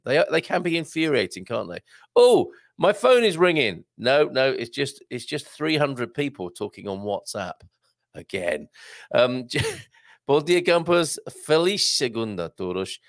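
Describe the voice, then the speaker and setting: A man's voice: on the low side, creaky, a bit bright, no echo, clean studio sound. A man hosting a live online show, chatting casually, reading out comments and tagging on questions. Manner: chatty, jokey, with tag questions.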